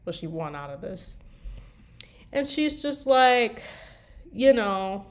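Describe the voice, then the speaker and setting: A woman's voice: mid-range voice, very animated, slow pace, pauses often. A tired woman chatting casually about writing her fanfiction, rambling with lots of fillers. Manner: rambling, meandering with many fillers. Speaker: fanfiction writer. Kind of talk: casual chat.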